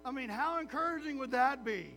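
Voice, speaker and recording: A man preaching a sermon as a pastor, animated and acting out little voices of his listeners. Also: extremely high pitch, brisk, slight background noise, poor audio.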